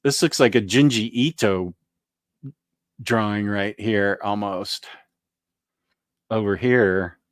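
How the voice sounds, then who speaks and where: Chatty man with a smooth, dry voice. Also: on the low side, takes it slowly, long pauses, no room sound. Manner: chatty, jokey, thinking aloud while browsing. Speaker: comic book show host. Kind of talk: casual live-stream chat.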